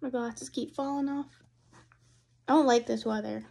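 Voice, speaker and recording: A young woman with a fairly high voice chats casually in a taste-test vlog, rambling and giggly. She sounds slightly hoarse, as if losing her voice, talking indoors at home. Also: fairly even intonation, normal speed, darkish tone. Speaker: vlogger.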